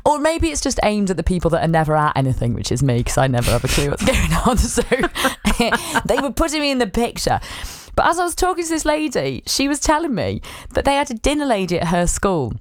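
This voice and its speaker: Female host, casual banter, giggles a lot, animated pitch. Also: brisk, hardly any pauses. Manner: laughs often, teasing. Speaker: radio show host. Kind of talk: casual chat.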